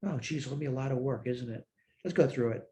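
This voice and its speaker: Here a tired math teacher talks fast in a warm, medium-pitched male voice. His recorded lecture has him puzzling through problems out loud, self-correcting and supplying answers to his own questions.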